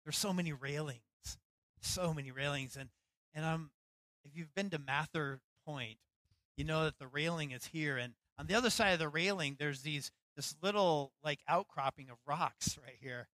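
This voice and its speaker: Male pastor, middle-aged, preaching; bright, forward tone, dry close sound. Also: a little high, normal speed, dry recording, low-quality recording. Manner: storytelling, animated, acts out quotes. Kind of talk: sermon.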